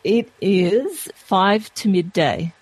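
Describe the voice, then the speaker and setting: A woman with an Australian accent speaks slowly and calmly as a radio guest. Her manner is friendly and measured. The sound is dry and close. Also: medium pitch, husky, dry recording. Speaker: guest, medical intuitive. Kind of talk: phone-in interview.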